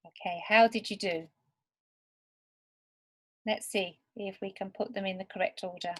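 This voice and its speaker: A woman teaching English to beginners over slides, speaking slowly and deliberately word by word. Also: mid-range voice, steady tone. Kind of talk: slow, clear lesson for beginner learners.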